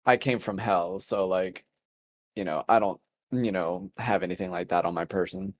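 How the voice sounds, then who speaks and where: A man playing a tabletop game, calmly describing his character's actions. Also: sits low, moderate pace. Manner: relaxed, describes actions in third person. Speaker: player. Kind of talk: casual tabletop play.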